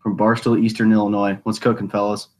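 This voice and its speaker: A man from the US Midwest hosts a loose sports talk segment. His voice sits a little low and stays flat, and he rambles easily through fillers and restarts. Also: fast. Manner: laid-back, filler-heavy rambling. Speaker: host.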